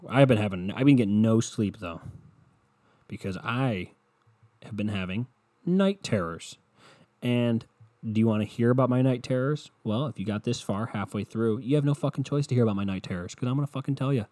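A male podcast host who rambles through a sarcastic, foul-mouthed comedic rant. His voice sits at an ordinary pitch and is close-miked in a dry, dead room. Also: normal speed, dark tone, dry recording.

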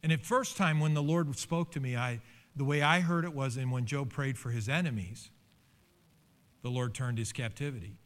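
A man preaching a conversational sermon, telling stories with humor and lively asides. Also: mid-range voice, moderate pace. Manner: animated storytelling with humor and asides. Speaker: pastor.

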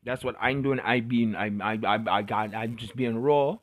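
A man's voice: mid-range voice, moderate pace. A man giving a passionate, blunt, profanity-laced motivational rant to camera.

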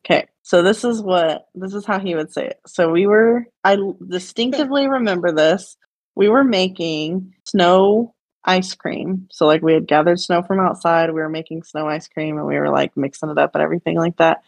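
A young woman chats casually as a podcast co-host, slightly low in pitch. She mumbles and fills her talk with "like" and laughter. The sound is dry and close. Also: normal speed, creaky, dry recording. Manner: mumbling, lots of fillers and laughs. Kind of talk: casual chat. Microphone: remote voice call.

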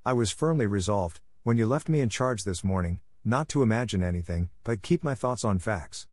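A man's voice: on the low side, expressive, a little fast, darkish tone, no room sound, clean studio sound. A man voicing an imaginative, eager orphan girl of about eleven, talking in a breathless, dramatic rush. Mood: earnest.

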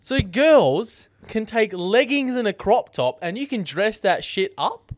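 A man's voice: sits high, a little slow, no room sound, clean studio sound. Sweary Australian man telling stories. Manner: animated, sweary storytelling. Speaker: podcast co-host. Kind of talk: casual chat.

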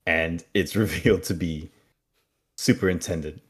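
A man co-hosting a podcast, recapping a TV episode in a relaxed, wry way. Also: sits low, normal speed, husky. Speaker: podcast co-host.

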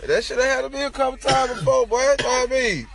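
A man's voice: very high voice, fast, gravelly, over a noisy crowd. A man in loose, profane casual chat on a podcast, telling stories and peppering them with "know what I'm saying". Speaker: podcast co-host.

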